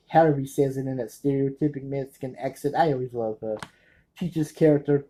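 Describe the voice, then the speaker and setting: A man with a mellow, darkish voice chats about his film collection. His talk is nervous and meandering, full of restarts and quick corrections as he searches for the right word. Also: a little high, fairly even intonation, rough recording. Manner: nervous, rambling, often correcting himself. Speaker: movie collector reviewing his films. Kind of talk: casual spoken review.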